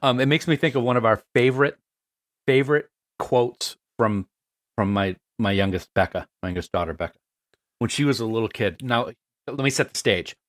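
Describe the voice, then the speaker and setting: A man's voice: medium pitch, moderate pace. A middle-aged man co-hosting a podcast in casual chat, playful and laughing often. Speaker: podcast co-host.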